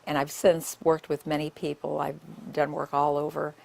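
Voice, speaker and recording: A woman's voice: deep voice, completely flat delivery, moderate pace, vocal fry, darkish tone. An older woman, a nurse, giving a public talk and telling her stories in a conversational way with many asides.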